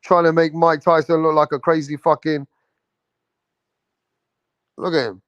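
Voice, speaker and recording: A man's voice: fairly high pitch, little pitch movement, a little slow, fairly bright tone, clear, resonant tone, no room sound, muffled recording. A man hosting a boxing show, chatting casually and slangily straight to his viewers. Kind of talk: casual livestream chat.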